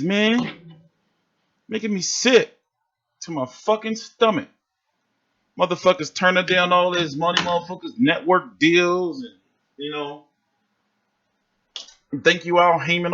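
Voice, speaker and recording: A man's voice: high-pitched, normal speed, long pauses, muffled recording. A man hosting a livestream, ranting in a casual, profane, fired-up way. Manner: animated, swearing, fired-up. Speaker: livestream host reacting to boxing.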